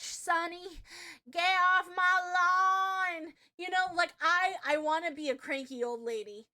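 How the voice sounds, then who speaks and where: High, bright young woman streamer. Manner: excitable, swearing, loud outbursts. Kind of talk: live reaction stream.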